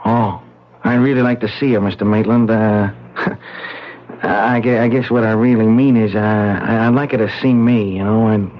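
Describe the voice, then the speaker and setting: A man's voice: lowish voice, steady tone, natural voice. An actor in his twenties playing an eager, hesitant young man in a radio drama, stammering and earnest. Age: 20s. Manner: stammering, earnest, halting restarts. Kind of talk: 1970s radio drama acting. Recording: dull lo-fi old radio recording.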